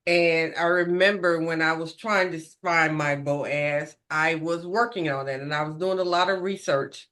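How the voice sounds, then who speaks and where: Female co-host, bright and forward, joking casual chat. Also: deep voice, a little slow, few pauses. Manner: playful, joking asides. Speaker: ministry podcast co-host.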